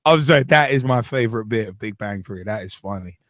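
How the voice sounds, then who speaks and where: A man's voice: fairly low pitch, expressive, quick pace, dry recording. A man hosting a casual football podcast, rambling and joking between results. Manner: rambling, jokey, laughs at own asides. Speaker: podcast host. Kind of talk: casual football chat show.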